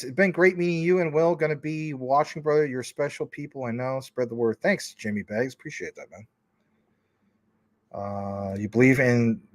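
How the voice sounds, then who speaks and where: On his crypto livestream, a man reads viewer comments aloud and responds, rambling casually with lots of filler words at a mid-range pitch. His tone is fairly bright, and the audio is dry and close-miked with no echo.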